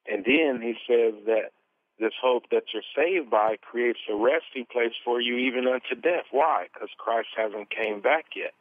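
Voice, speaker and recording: A man giving an earnest, animated testimony as an interview guest, telling his story at length. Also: medium pitch, a little slow, no echo. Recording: tinny phone line.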